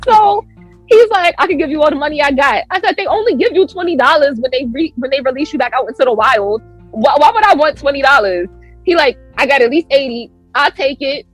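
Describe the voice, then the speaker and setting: A woman appearing as a podcast guest tells a story animatedly and fairly quickly, acting out her own lines with big jumps in pitch and laughing often. Faint music plays behind her, and the audio is poor.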